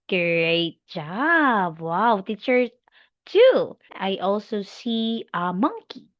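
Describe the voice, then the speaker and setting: Woman teacher for a kid's demo lesson, very slow, lively pitch, dry lo-fi sound. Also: no echo. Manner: slow, animated, encouraging, with animal sounds. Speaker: English teacher. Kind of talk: demo lesson for a young child.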